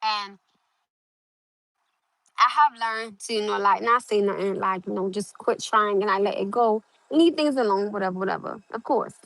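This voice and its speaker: A woman's voice: mid-range voice, moderate pace, creaky, a bit bright, no room sound, rough recording. A young woman chatting casually to her livestream viewers outdoors on a phone, full of fillers and calling them y'all. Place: outdoors in hot sun near water.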